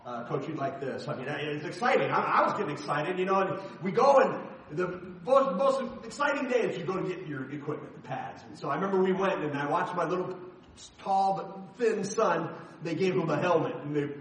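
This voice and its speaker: Emphatic middle-aged pastor in echoey hall. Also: male voice, sits high, lively intonation, a little fast, distant mic. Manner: storytelling, emphatic, dramatic shifts in loudness. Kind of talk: sermon.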